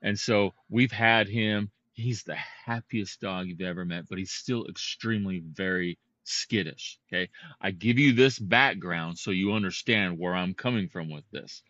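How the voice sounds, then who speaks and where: A man co-hosting a podcast, telling a story in a casual, animated and heated way. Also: sits low, a little slow, no echo, highs cut off. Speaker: podcast co-host.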